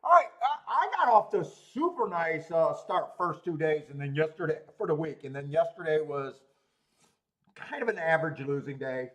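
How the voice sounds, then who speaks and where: A man hosting a horse racing betting livestream, talking casually in animated, laughing rants and stammering often. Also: fairly high pitch, moderate pace.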